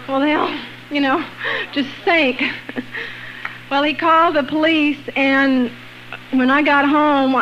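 A woman with a high, bright voice tells her testimony with energy and acts out the people she quotes. The recording is dull and lo-fi. A faint hiss runs underneath. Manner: lively, acts out quoted voices, laughs between lines. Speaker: guest sharing a personal testimony. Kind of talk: animated storytelling testimony.

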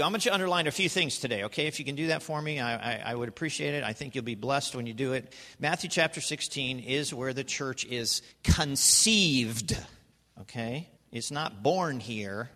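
A male pastor preaching a sermon in a church, animated and constantly prompting the congregation with questions and "okay?". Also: mid-range voice. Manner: animated, calls for congregation response, repeats "okay?". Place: church sanctuary. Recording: reverberant church hall.

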